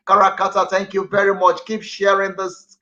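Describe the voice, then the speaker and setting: A man hosting a live radio talk show from a studio, announcing upbeat and repetitive with many audience shout-outs. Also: sits high, monotone, moderate pace, dull audio. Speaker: radio host.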